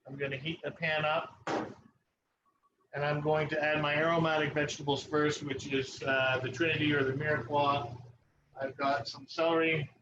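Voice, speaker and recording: A man, a chef and cooking instructor, giving a relaxed live cooking demonstration in a ski club kitchen, pausing often as he explains. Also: a little high. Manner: relaxed, instructive, with frequent pauses. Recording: muffled online stream with background noise.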